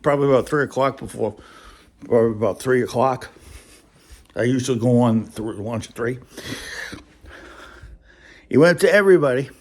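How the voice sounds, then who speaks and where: In a casual vlog, a mid-range male voice tells a rambling workplace story at a moderate pace, pausing often. He's chatty and laughs often.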